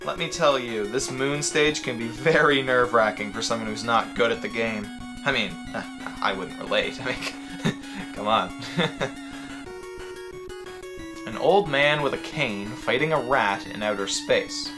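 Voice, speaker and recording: A man's voice: mid-range voice, measured pace, over music. A man giving a comedic, sarcastic video game review. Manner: sarcastic, joking.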